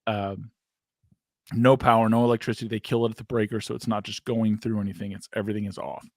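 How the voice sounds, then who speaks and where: A man's voice: fairly low pitch, flat delivery, fast talker, dry recording, studio quality. A man co-hosting a casual paranormal podcast chat, joking, laughing often and swearing. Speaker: co-host.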